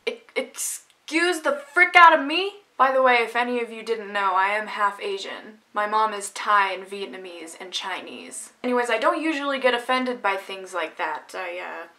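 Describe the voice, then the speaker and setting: A woman's voice: mid-range voice, normal speed, hardly any pauses, pushed and bright. A woman vlogger telling a story from her own life in a casual, sarcastic, ranting manner.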